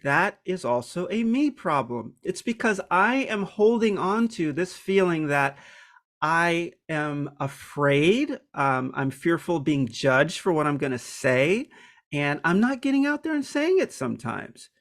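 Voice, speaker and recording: A man with a slightly higher-pitched voice talks through a personal topic in a relaxed, reflective monologue. He speaks candidly and hesitates often, filling gaps with ums and restarting his sentences. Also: measured pace.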